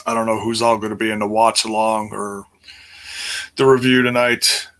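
A man's voice: lowish voice, level tone, normal speed, fairly bright tone. A middle-aged man chatting casually on his livestream, rambling with many fillers and restarts. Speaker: livestream host.

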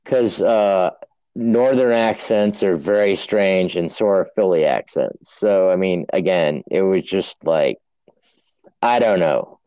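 A man's voice: deep voice, takes it slowly, mellow, clean tone, no room sound, low-quality recording. A man co-hosting a podcast in laid-back casual chat, joking and swearing easily.

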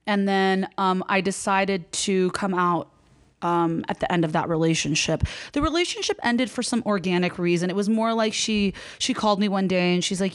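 A woman's voice: mid-range voice, moderate pace. A woman telling personal stories in a casual chat and acting out the lines of the people in them. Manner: animated, acts out quoted dialogue.

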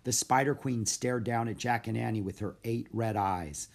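A man's voice: medium pitch, moderate pace, vocal fry. Man reading a storybook aloud. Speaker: narrator. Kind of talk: storybook read-aloud narration.

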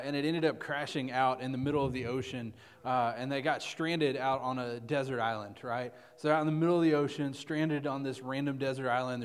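A man's voice: medium pitch, in a large hall. A man preaching as a youth pastor, telling a story in a loose, chatty way full of "uh"s and "right?"s. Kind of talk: conversational sermon storytelling.

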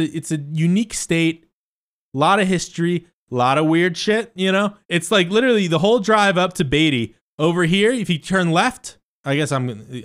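A man with a fairly high voice whose pitch leaps and dips all through his telling. He rambles like a comedian spinning a casual story, piling up fillers and restarts. He swings between loud asides and low muttered remarks. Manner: loose and profane, lots of fillers and restarts.

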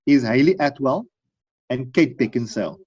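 A middle-aged man in casual chat, telling long rambling stories and acting out quotes in high voices. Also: normal speed, a little mellow, husky, no room sound. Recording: dull dry recording.

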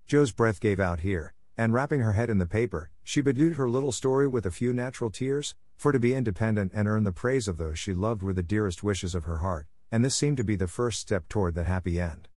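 A man narrating a classic novel as a scripted audiobook in a steady, measured reading. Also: lowish voice, dry recording, studio quality.

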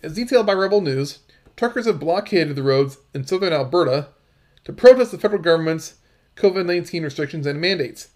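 A man commentating on news, reading articles aloud and adding halting remarks with many fillers and restarts. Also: a little high, animated, a little mellow.

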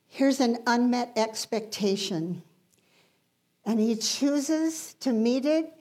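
A woman preaching a sermon, emphatic, rising in intensity and then dropping to hushed lines. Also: medium pitch.

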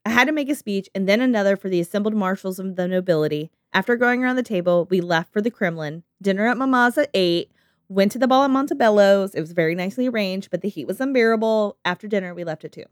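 Woman putting on a mock Russian accent, detached emperor reading his diary, flat delivery, dry sound. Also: mid-range voice, fast, dry recording, natural voice. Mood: deadpan reading. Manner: flat reading that keeps breaking off.

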